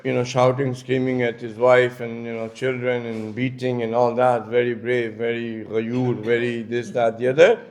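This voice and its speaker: A man delivering a conversational religious lecture, telling stories with many casual asides. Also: mid-range voice. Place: community centre lecture.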